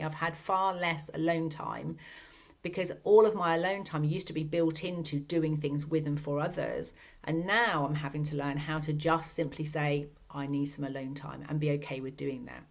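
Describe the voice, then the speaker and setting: Earnest woman, rhetorical questions. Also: low voice. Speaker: podcast host and coach. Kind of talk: reflective solo podcast talk.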